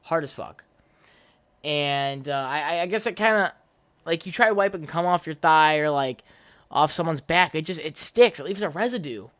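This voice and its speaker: A man's voice: a little high, animated, moderate pace, fairly bright tone, no room sound. A young man hosting his own podcast alone, rambling casually, swearing a lot and laughing at his own jokes. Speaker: podcast host. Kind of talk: casual solo podcast chat.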